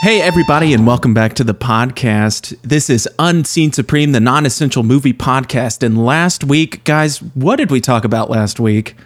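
A man with a mid-pitched voice hosts a casual movie podcast. He talks in a playful, self-mocking way and jokes with his co-hosts. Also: moderate pace, hardly any pauses. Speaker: podcast host.

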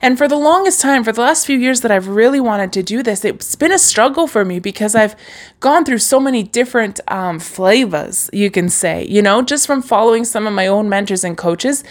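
A woman's voice: fairly high pitch, animated, moderate pace. Chatty encouraging woman podcaster. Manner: chatty and encouraging, many fillers and restarts. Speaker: podcast host. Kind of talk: casual solo podcast monologue. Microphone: podcast microphone.

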